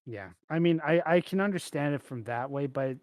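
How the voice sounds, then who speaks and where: A man co-hosting a casual podcast chat over a video call, talking in an animated, jokey way. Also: on the high side, moderate pace, no room sound. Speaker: podcast co-host.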